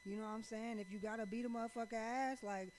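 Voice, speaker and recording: A woman's voice: a little high, fairly even intonation, fast talker, darkish tone. A woman guest on a casual podcast chat, talking bluntly and emphatically as she backs up the host.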